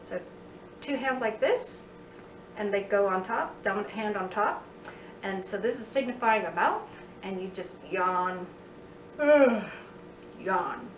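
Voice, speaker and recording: A woman's voice: medium pitch, a bit bright. Chatty woman teaching in a roomy space. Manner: chatty, playful asides. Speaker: sign language teacher. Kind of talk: casual spoken lesson. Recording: roomy, distant, dull sound, faint hiss.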